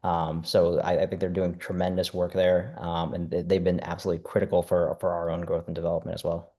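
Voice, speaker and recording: Deep-voiced young man, halting speech. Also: monotone, dark tone. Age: young adult. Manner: halting, many fillers and restarts. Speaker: nonprofit co-founder, panel guest. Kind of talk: casual panel talk.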